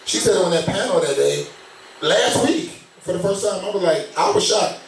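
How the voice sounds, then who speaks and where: Male co-host, 30s, casual slangy talker, pitch a touch high, roomy distant sound. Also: normal speed, vocal fry, a crowd in the background. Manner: relaxed, slangy, often asks "you know what I'm saying?". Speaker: podcast co-host. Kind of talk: casual chat.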